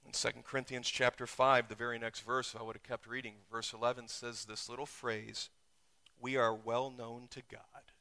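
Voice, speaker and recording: Bright-voiced man preaching with rising intensity. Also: little pitch movement, moderate pace, vocal fry. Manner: preaching with sudden surges in pitch and volume. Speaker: pastor. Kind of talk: sermon. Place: church.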